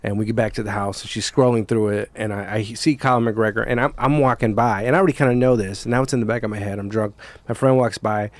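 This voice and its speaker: A man's voice: on the low side, fairly even intonation, quick pace, dry recording. A man hosting a podcast, telling a story in casual chat with a rambling, profane manner. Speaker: podcast host.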